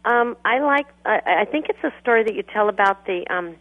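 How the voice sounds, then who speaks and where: A woman's voice: medium pitch, expressive, brisk, faint music behind. A woman calling in to a radio show, polite and earnest, with frequent hesitant ums. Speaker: caller. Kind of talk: phone call to a radio show. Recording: tinny phone line.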